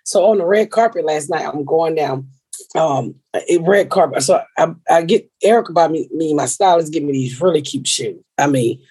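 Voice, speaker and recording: Husky, foul-mouthed woman telling stories. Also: sits low, normal speed, no room sound. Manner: profane, storytelling with animated quoted voices. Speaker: podcast host. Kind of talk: casual chat.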